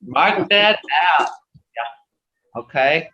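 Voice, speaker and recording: A language teacher leading a class over a video call, explaining step by step, patiently and slowly, and correcting mistakes out loud along the way. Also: medium pitch, animated. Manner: self-correcting, with asides. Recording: roomy, distant, dull video call audio.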